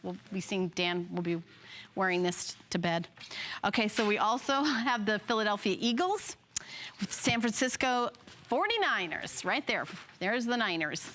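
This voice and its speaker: A woman's voice: medium pitch, fairly bright tone, a little hiss or hum. A woman in her fifties hosting a live home shopping show, chatty and rambling, often correcting herself and laughing along the way. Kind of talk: live product presentation.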